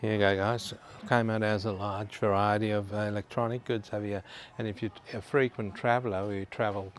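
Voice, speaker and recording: A man's voice: on the low side, little pitch movement, a little fast. An Australian man casually walking through a department store, chatting to viewers and reading out prices. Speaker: vlogger. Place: indoor department store in a shopping centre.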